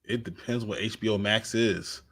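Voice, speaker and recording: A man's voice: fairly low pitch, steady tone, moderate pace, a bit bright. A man co-hosting a casual live chat show, rambling, with frequent laughs and repeated starts. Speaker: co-host.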